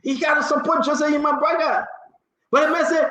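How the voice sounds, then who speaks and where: A man with a Liberian English accent hosting a live radio talk show, animated and joking, laughing often and pleading with listeners. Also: very high voice, brisk. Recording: echoey room, dull lo-fi sound.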